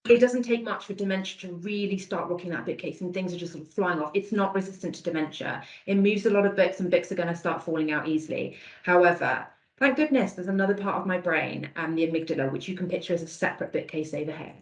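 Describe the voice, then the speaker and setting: Over a video call, a woman with a lowish voice presents an online dementia awareness training, talking fast and animatedly. Warm and conversational, she encourages participants and praises answers from the chat. The audio is poor and reverberant.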